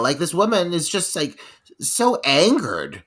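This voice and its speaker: A man's voice: on the high side, huge pitch swings, unhurried, fairly bright tone. A man on a movie podcast giving exaggerated, profane reactions in casual chat. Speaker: podcast guest or co-host.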